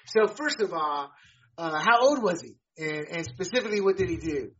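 A man with a somewhat high voice hosts a casual podcast chat. He talks haltingly, full of uh's and restarts. The recording sounds dull and lo-fi. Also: animated, fairly bright tone. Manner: halting, many fillers and restarts. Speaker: podcast host. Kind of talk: casual conversation.

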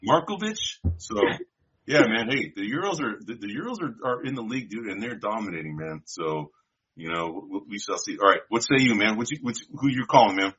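A man's voice: fairly low pitch, expressive, brisk, a bit bright, breathy edge. A man co-hosting a casual podcast, rambling through draft picks in a loose style and calling his partner dude and bro. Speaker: podcast co-host. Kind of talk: casual draft-pick chat. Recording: dull lo-fi sound.

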